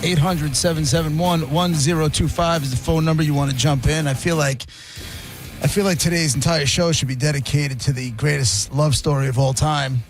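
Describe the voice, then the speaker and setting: A male radio host in casual, rambling banter, sarcastic, now and then mimicking people in a high squeal. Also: fairly even intonation, a little fast, faint music behind. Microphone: studio mic.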